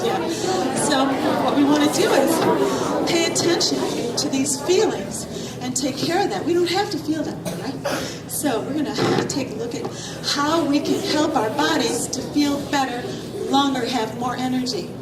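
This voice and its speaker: A high-pitched woman trainer talks to a room of kids and parents, coaxing them along with quick questions while she catches her breath. Her voice comes from some way off the mic in an echoey hall. A loud crowd and background noise sit under her. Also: recorded from a distance. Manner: upbeat, coaxing, asks lots of questions. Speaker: physical trainer. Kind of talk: health talk to kids and families. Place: large hall with an audience.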